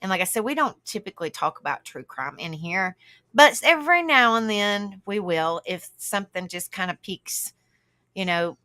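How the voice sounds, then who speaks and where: A woman's voice: mid-range voice, expressive, normal speed, dry recording. A woman hosting a casual livestream, greeting viewers by name and chatting. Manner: warm greetings to viewers, calling them honey and sister, laughing often. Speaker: livestream host.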